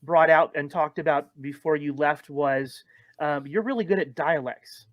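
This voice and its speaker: Host from California, slightly high voice, dry close recording, friendly and affirming. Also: male voice, normal speed, no echo, dull audio. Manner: friendly, affirming, frequent ums. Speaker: podcast host. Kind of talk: casual interview chat.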